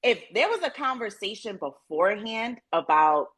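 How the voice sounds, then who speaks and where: Lively bright-voiced woman podcaster. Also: mid-range voice, a little slow. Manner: animated storytelling with slang. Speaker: podcast co-host. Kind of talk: casual podcast chat.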